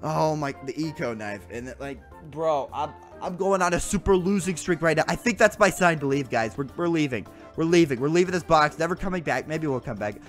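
Young male gaming host, slightly high voice, excitable running commentary with faint music underneath. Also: a little fast, hardly any pauses. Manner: excitable, groans and exclaims at bad luck, addresses viewers as guys and bro. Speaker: gaming YouTuber. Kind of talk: gameplay commentary.

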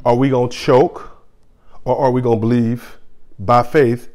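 A man's voice: mid-range voice, little pitch movement, measured pace, a little mellow. Man preaching in a casual, repeating style. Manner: conversational preaching with repeated phrases. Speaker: pastor. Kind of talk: sermon.

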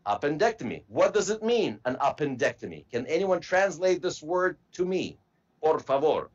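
A man teaching medical terminology to a class, slowly spelling out word parts and asking students to repeat. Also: on the high side, sing-song, muffled recording. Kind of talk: classroom lecture.

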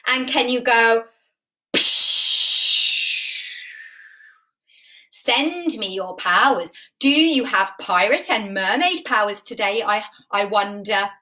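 A woman runs a live music and drama class for little children over a webcam. Her voice is high and bright, rising and falling a lot as she gasps and coaxes. She takes her time with each word. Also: expressive, a little slow, hardly any pauses. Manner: sing-song, exaggerated storytelling with gasps and coaxing questions. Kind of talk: live-streamed class for toddlers. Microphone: webcam or phone on a stand.

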